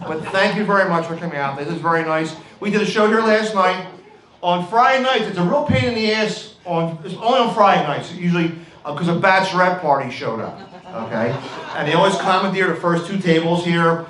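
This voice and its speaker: Brash Philadelphia stand-up comic, high voice. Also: male voice, a little fast, fairly bright tone. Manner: brash, rambling, with frequent "all right" and "okay". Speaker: stand-up comedian. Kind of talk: stand-up comedy set. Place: comedy club stage with live audience. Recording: echoey club room with crowd noise.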